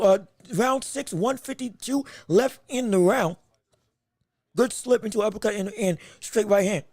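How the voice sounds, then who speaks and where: A very high-pitched man, a podcast host and fight commentator, calls a boxing match live from his podcast setup, close on a dry mic with no echo. He reacts quickly and excitably to each exchange, often correcting himself and restarting phrases as the action shifts. He has the hiccups.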